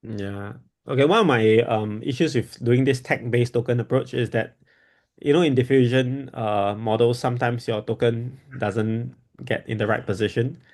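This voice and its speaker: A man's voice: medium pitch, moderate pace, a little mellow. A man hosting a casual technical discussion, explaining while thinking aloud and often repeating his words.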